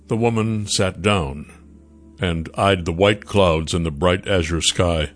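A man narrating a fantasy story in a calm, measured way. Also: sits low, faint music behind.

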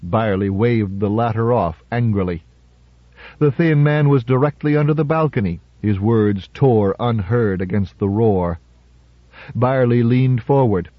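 A male narrator reading a story in a measured, dramatic way. The sound is dry and close, with a slightly muffled, dull tone. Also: medium pitch, dry recording. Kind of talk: audiobook narration. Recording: slightly muffled audiobook recording.

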